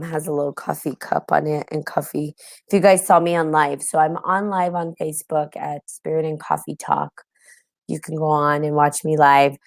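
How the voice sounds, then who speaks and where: A woman's voice: sits low, gravelly, no room sound, studio quality. A woman hosting a casual spiritual podcast, chatty and tired, with many ums and frequent laughs. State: tired, yawning. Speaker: podcast host. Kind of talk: casual spiritual talk with live audience.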